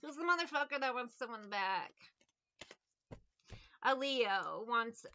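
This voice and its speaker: A woman's voice: fairly high pitch, expressive, slow, sharp tone, highs cut off. A woman giving a casual tarot reading in a blunt, profane, mocking way. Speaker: tarot reader.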